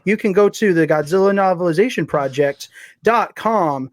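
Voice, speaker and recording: High-voiced guy rambling on a podcast, plugging his stuff, dry close sound. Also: lively intonation, moderate pace, no echo. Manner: rambling, self-deprecating, many restarts. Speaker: guest, fiction writer. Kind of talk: casual podcast chat.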